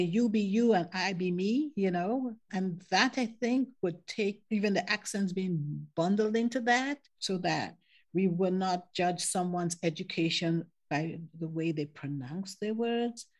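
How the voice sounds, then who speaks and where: Older Caribbean-raised woman guest, reflective and easygoing, lowish pitch. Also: a little slow, darkish tone. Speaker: podcast guest. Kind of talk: conversational interview.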